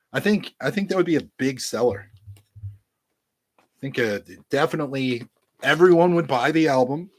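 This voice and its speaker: A man casually showing off his vinyl records to camera, rambling and joking crudely as he talks straight to his viewers through a webcam. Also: on the high side. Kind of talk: casual unboxing chat to camera.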